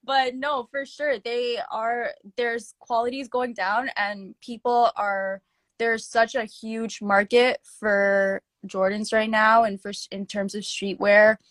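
A woman's voice: a little high, level tone, slow pace, a bit bright, dry recording. Young woman, casual interviewee, slangy and filler-heavy, dry recording. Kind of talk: casual chat.

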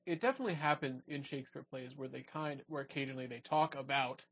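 A man hosting a casual podcast chat, leading the talk and quick to cut in and quibble. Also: medium pitch, a little hiss or hum. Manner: leads the discussion, quick to interject and quibble. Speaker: podcast host. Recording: dull lo-fi podcast audio.

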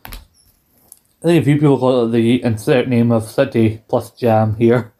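A man's voice: medium pitch, steady tone, measured pace, dark tone. A man co-hosting a casual podcast, rambling playfully through a wrestling recap and acting out lines. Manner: rambling, playful, acts out quotes. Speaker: podcast co-host.

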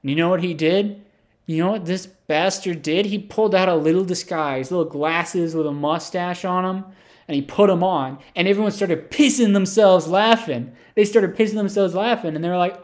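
A man telling an absurd comic story in a rambling, deadpan way, full of asides and fillers. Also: high voice, normal speed. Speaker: comedic storyteller. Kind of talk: improvised comic monologue.

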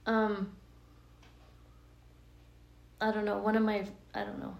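Older female guest, gravelly, hesitant, echoey room. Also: medium pitch, monotone, slow, highs cut off. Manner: thoughtful, hesitant with many ums. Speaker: podcast guest. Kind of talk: casual interview chat.

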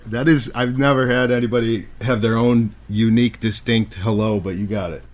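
Male podcast host, mid pitch, teasing, swears often, casual. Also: fairly even intonation, normal speed.

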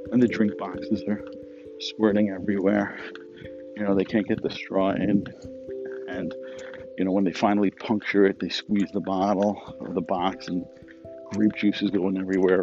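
Man, reflective talk, chatty rhetorical asides, fairly low voice, clear music underneath. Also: lo-fi sound. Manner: conversational, rhetorical asides and "right?" checks. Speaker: speaker reflecting on religious practice.

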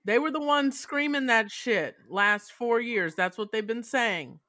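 A woman's voice: fairly high pitch, unhurried, pushed and bright, no room sound, studio quality. A woman hosting a casual podcast chat, talking bluntly and swearing freely while she steers the group. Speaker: podcast host.

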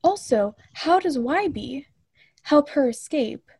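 A young woman co-hosting a casual chat, retelling a film with lots of fillers and mock-indignant asides. Her voice sits fairly high and is heard close up in a dry space with no room sound. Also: slow, no echo. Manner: animated, chatty, full of "like" and mock-indignant asides.

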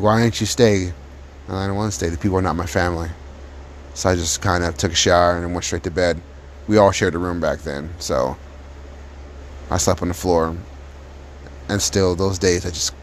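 A man with a very low voice recounts his own life story in a loose, casual way. He talks bluntly and swears freely, now and then slowing into a reflective tone. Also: a little hiss or hum.

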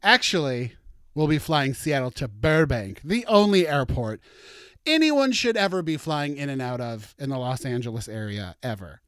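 A man hosting a solo podcast, chatty and campy, with animated asides and gushing. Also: mid-range voice, moderate pace, clean tone, dry recording, clean studio sound. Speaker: podcast host.

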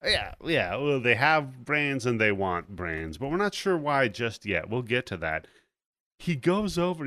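A man's voice: medium pitch, bright, forceful tone, no echo, studio quality. A man hosting a casual podcast, recapping a movie with loose, profane chatter and acted-out lines. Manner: profane, laughing, acts out characters' lines. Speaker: podcast host.

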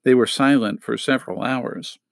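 A man reading a children's novel aloud in a steady, measured storytelling manner. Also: medium pitch, creaky, no room sound. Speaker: audiobook reader.

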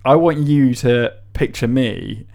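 A man's voice: medium pitch, slow, creaky, a little mellow. A man co-hosting a podcast, chatting casually in an effusive, chuckling way. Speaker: podcast co-host. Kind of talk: casual chat.

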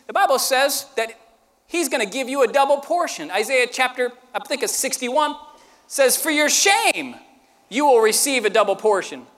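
A man's voice: extremely high pitch, expressive, moderate pace. Earnest male preacher, echoing reverb. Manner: earnest, swings from quiet to emphatic. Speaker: pastor. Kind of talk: sermon.

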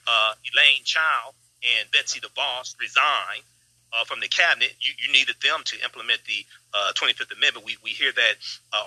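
A man giving urgent political commentary as a guest, speaking in halting bursts and calling the host brother. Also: medium pitch, bright, forceful tone, dry recording, poor audio.

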